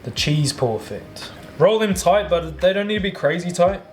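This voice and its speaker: A man's voice: high voice, lively intonation, normal speed, slight background noise. A man talking casually through a home baking video, loose and chatty with slangy asides. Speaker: home cook. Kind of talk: casual cooking vlog.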